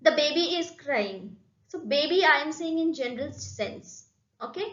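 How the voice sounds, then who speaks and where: A woman's voice: sits high, expressive, fairly bright tone. Teacher: woman, Indian English accent, patient and repetitive, roomy and muffled recording. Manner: slow, repetitive, addresses students with "okay?" and "right?". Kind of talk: classroom lesson explanation.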